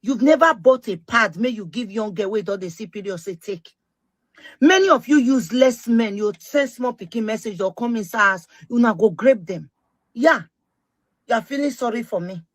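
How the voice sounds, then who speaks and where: Nigerian Pidgin-accented woman, middle-aged, high-pitched, emphatic, dry close sound. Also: expressive, normal speed, no echo. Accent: Nigerian Pidgin English. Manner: forceful, emphatic, repeats her points. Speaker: social media speaker. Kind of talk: impassioned monologue.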